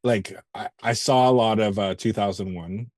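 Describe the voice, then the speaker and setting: A man's voice: on the low side, moderate pace, darkish tone, dry recording, clean studio sound. A man co-hosting a casual movie podcast, retelling favorite scenes with laughter and casual swearing. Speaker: podcast co-host. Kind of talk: casual movie review chat.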